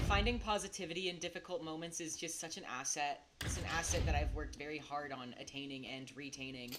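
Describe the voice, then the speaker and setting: A woman streaming a game, rambling and giggling, swinging between hushed mutters and excited outbursts. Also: low voice, a little fast. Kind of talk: casual gaming commentary. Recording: steady background noise.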